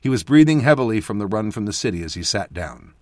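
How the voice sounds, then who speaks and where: A male narrator speeds through a scripted fantasy audiobook reading, performing characters with lively jumps in pitch and loudness so his voice rises and falls considerably. The recording is dry and close, free of room sound.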